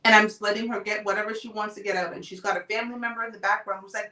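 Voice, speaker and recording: A woman hosting a live talk show, telling a personal story in a calm, deliberate way. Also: medium pitch. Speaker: host. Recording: roomy sound, off-mic distance.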